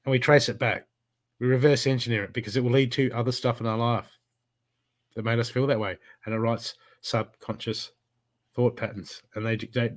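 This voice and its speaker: A man's voice: medium pitch, fairly even intonation, brisk. A man giving a live spiritual card reading, talking in an emphatic, repetitive coaching way. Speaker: intuitive card reader.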